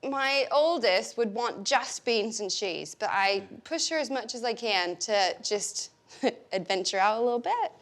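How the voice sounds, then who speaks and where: A woman's voice: on the high side, animated, a little slow, fairly bright tone. An American woman in her forties, chatting casually and laughing often as a guest cook in a kitchen. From United States. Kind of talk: casual chat while cooking.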